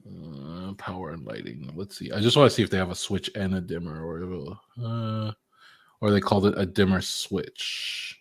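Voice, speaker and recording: A man's voice: sits low, lively intonation, moderate pace, gravelly, breathy edge, no room sound, studio quality. A man co-hosting a home tech podcast, joking around in laid-back casual chat. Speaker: podcast co-host.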